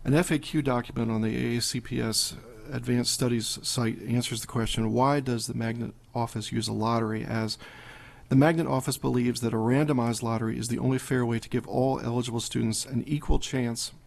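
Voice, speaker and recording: A man reads his prepared public comment to a school board, working through numbers and percentages. His voice has a gravelly edge, and now and then he stumbles and restarts a phrase. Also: medium pitch, steady tone, brisk. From Maryland. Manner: reading prepared remarks with statistics, occasional restarts.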